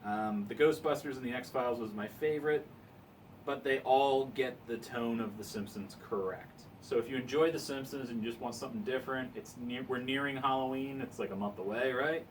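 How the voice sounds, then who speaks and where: A man's voice: mid-range voice, a little fast, recorded from a distance, a little hiss or hum, low-quality recording. A man casually reviewing comics in an easygoing, self-mocking way.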